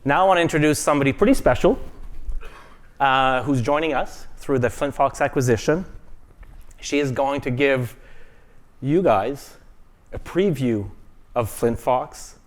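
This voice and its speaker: A man's voice: medium pitch, measured pace, pauses often. A man in a mid-range voice presents a corporate keynote on stage. He sounds upbeat, asks the audience questions, and introduces the next speaker. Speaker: company executive presenter. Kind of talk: conference keynote. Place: large conference hall.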